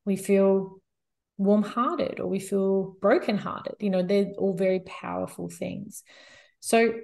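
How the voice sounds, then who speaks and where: A woman guest expert in an interview, explaining calmly and steadily with frequent "you know" fillers. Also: medium pitch, slow pace, creaky.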